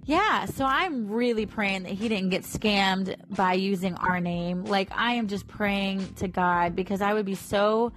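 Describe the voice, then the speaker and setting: A woman in her thirties talks casually to her audience, wandering from point to point with plenty of fillers. Her pitch sits in a middling range. Soft music plays faintly in the background. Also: a little slow, few pauses. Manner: rambling and chatty, with frequent fillers. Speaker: vlogger and small business owner. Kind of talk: casual chat to camera.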